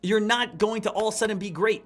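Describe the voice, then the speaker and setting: Bright-voiced man hosting a trading stream. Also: sits high, fast. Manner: animated, lecturing, addresses the chat directly. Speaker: day trading livestream host. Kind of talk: live trading commentary.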